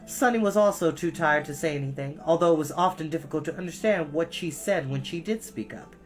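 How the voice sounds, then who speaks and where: A storyteller reading a children's book aloud, pausing to cough and apologize. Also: medium pitch, faint music behind. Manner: expressive, with frequent coughs and apologies.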